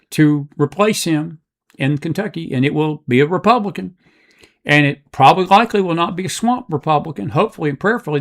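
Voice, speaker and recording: Gravelly, impassioned man. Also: fairly high pitch. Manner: impassioned, repetitive, preacher-like. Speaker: political talk show host. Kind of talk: live political commentary. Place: studio with live audience.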